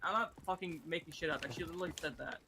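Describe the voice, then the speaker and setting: A man's voice: a little high, rapid-fire, gravelly, very noisy. A man streaming a game, ranting in casual chat with heavy swearing and many restarts. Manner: ranting, profane, lots of fillers and restarts. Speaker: gaming streamer.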